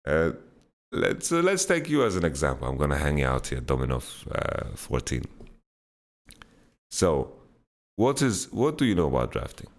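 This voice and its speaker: A man's voice: extremely low pitch, huge pitch swings, normal speed, long pauses. A man hosting a casual Q&A podcast, answering viewer questions bluntly and laughing them off. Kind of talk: casual chat, Q&A.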